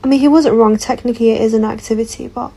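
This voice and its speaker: A woman's voice: a little high, steady tone, quick pace, vocal fry, warm tone, slightly rough, rough recording. A woman telling a dating story casually, with wry amusement.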